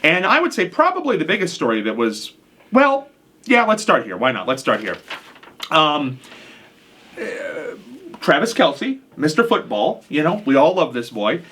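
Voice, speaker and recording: A man's voice: a little high, wildly swooping pitch, a little slow, sharp tone, husky. A man hosting and moderating a casual radio talk show, teasing and insistent with his co-hosts.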